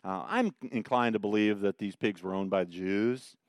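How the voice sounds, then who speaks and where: A man's voice: fairly low pitch, normal speed, no echo, clean studio sound. A man teaching a Bible study in a folksy, joking way, telling stories between verses. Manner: folksy storytelling with lively jokes. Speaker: pastor leading a Bible study.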